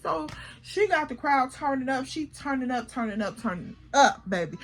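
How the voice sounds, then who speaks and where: A woman telling a storytime to her viewers in an animated, slangy way, talking to them directly. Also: sits high, normal speed. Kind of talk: casual storytime.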